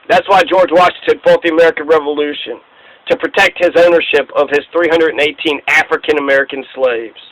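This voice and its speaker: A man's voice: high voice, pushed and bright, low-quality recording. A man hosting a casual history talk, speaking in a profane, emphatic rant. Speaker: host.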